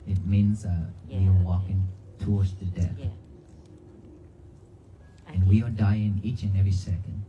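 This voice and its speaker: A man's voice: lowish voice, mellow, muffled recording, slight background noise. A man, a monk giving an earnest sermon to a crowd in a church cemetery, speaking in simple phrases and asking them questions. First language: Vietnamese. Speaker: monk giving a dharma talk.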